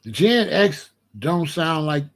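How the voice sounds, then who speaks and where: A man in his sixties giving a rambling comedic monologue as host, telling stories with animated disbelief and laughter. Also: on the high side, takes it slowly, vocal fry. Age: 60s. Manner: animated, incredulous storytelling with laughs.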